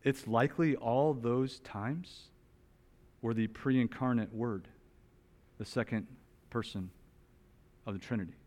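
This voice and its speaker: A male preacher delivering a sermon with a mid-range pitch. He swings from loud, emphatic bursts to quiet, slowed-down lines when he stresses a point. His delivery is animated and earnest. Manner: drops to a soft, slow voice for key points. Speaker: pastor. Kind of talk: expository sermon.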